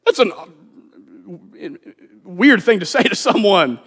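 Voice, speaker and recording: A man's voice: high voice, very animated, slow, a bit bright, breathy edge. A man preaching a sermon in a conversational way, acting out the voices of people he quotes. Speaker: pastor.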